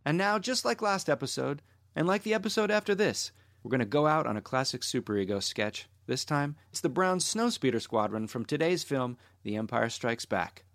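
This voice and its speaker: A man's voice: mid-range voice, expressive, normal speed, fairly bright tone, no echo, studio quality. Playful man hosting a podcast. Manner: playful, geeky. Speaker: podcast host. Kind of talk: casual podcast chat and sign-off.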